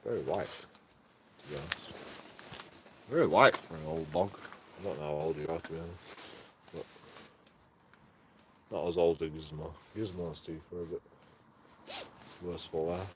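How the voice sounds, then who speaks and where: A man's voice: low-pitched, a little slow, long pauses, a little hiss or hum. A man streaming casually, coaxing his dogs in a singsong voice, swearing and making mock threats. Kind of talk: casual chat with his pets.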